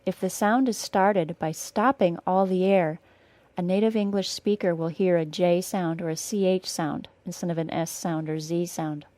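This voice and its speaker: A young woman from northern Wisconsin with a General American accent, teaching a pronunciation podcast lesson and slowing down to model each sound carefully. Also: lowish voice, fairly even intonation, mellow, no room sound.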